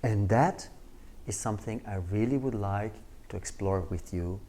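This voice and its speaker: Guy teaching a course, tells stories all animated, mellow warm voice. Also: fairly low pitch, moderate pace, slight background noise. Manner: animated, acts out scenes. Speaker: trainer. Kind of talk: storytelling lecture.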